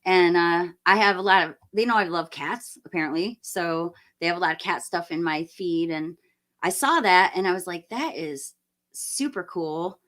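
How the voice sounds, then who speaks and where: A middle-aged woman hosting a live stream, chatting enthusiastically and rambling with fillers, her voice slightly hoarse as she loses it. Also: on the low side, steady tone, moderate pace, a bit bright. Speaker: livestream host. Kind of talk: casual live-stream chat.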